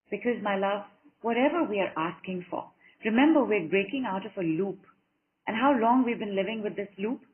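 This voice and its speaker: A woman coaching a group over an online call, encouraging and affectionate, repeating short phrases in a steady rhythm. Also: a little high. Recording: narrow phone-like call audio.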